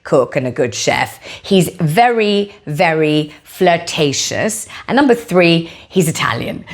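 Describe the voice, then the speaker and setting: Lively woman giving her opinion. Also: fairly low pitch. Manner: emphatic, drawn-out stresses on key words; lively storytelling delivery. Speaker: host. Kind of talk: opinion monologue.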